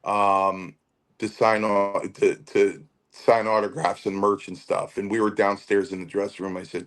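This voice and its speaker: An older former wrestler shares stories as a podcast guest. His voice sits low, and his sentences stop and restart often, with many fillers in between. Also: flat delivery, measured pace. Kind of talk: podcast interview storytelling.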